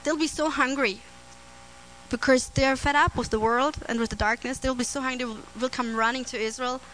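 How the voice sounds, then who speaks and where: A woman preaching a sermon on scripture, earnest and prone to restarts and soft laughter. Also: high voice, steady tone, fairly quick, a little hiss or hum, rough recording.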